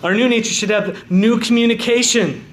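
A man preaching a sermon as pastor, dropping to quiet low stresses and rising to loud, fervent calls of "amen". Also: moderate pace, reverberant, slight background noise. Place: church sanctuary.

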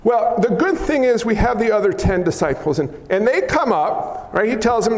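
High-voiced man preaching in an echoey hall. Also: a little fast. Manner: animated and joking, acting out quotes. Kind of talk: sermon.

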